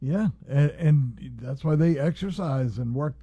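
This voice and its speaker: A man's voice: a little high, unhurried, dark tone, slightly rough, no echo. A man co-hosting a radio talk show, mostly giving short, agreeing replies. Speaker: radio co-host. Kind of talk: casual radio chat.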